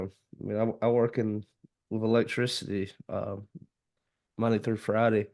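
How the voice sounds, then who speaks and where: A man's voice: fairly low pitch, a little mellow. A man with a Southern US accent hosting a casual podcast chat, talking earnestly and easily, with folksy comparisons. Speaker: podcast host.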